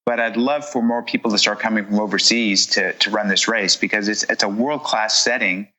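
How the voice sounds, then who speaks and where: A man's voice: on the low side, steady tone, brisk, sharp tone, rough recording. A man being interviewed as a guest, talking in an upbeat, enthusiastic way with frequent fillers. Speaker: guest runner. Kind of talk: casual interview chat.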